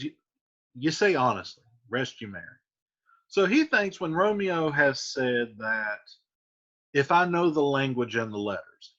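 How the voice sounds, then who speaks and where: A man walks through a play line by line. He reads the verse aloud and then retells it in loose, casual speech. His voice is bright and lively, with pitch that jumps around a lot, and the recording sounds dull and lo-fi. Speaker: teacher.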